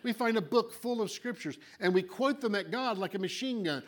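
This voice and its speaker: A man preaching a sermon with animated delivery, acting out little voices and swinging between loud and quiet. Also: sits high, a little fast, few pauses.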